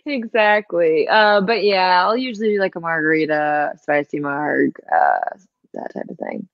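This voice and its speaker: A young woman from Georgia with a lowish voice, talking as a guest in a relaxed podcast chat. She laughs a lot and scatters filler words through her answers. The sound is dry and a little dull, as if on a modest mic. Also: measured pace, vocal fry, no room sound. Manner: chatty, laughs often, lots of "like" fillers. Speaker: guest musician. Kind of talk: casual podcast interview.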